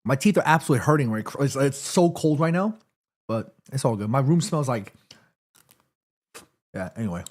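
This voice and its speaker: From his room, a sore-throated livestream host chats through a casual watchalong, reading chat messages aloud and eating between lines. His medium-pitched voice is animated, at a moderate pace with long pauses.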